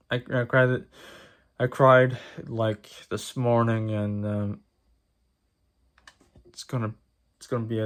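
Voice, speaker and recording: A man's voice: mid-range voice, fairly bright tone, clear, resonant tone. Tearful, stammering man vlogging. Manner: halting, stammering with repeated words. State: tearful, emotional. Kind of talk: personal vlog talk to camera.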